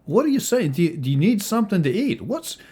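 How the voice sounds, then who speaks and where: A man's voice: high-pitched, big pitch swings, fast, slightly rough, voice pushed up, heavily acted. A man voicing a jovial, overbearing male innkeeper who fusses over his guests in a tabletop game. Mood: pushy. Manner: loud, overbearing, fussing.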